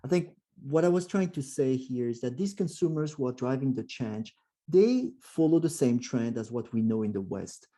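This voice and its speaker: A French man with a French accent gives a presentation to a club as a guest speaker, using frequent fillers and restarts and acting out quoted voices in an animated way. He speaks at normal speed in a mid-range voice.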